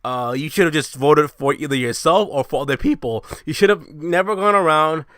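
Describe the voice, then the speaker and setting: Young man, casual rant, profane and brash, highish voice, dry close sound. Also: fairly quick, a bit bright, clean tone, no echo. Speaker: show host. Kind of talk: casual ranting monologue.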